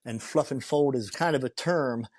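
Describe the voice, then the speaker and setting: A man's voice: mid-range voice, moderate pace, dry recording. A man who is a guest on an interview show. He tells a long story with lots of energy, acts out the voices of the people in it and often restarts his sentences. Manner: animated storyteller who acts out the quoted lines, with frequent restarts. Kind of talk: storytelling in a conversation.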